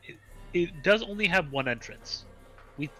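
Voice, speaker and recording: Bright-voiced man planning at the table. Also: high-pitched, lively intonation, moderate pace, faint music behind. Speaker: player. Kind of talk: casual tabletop play.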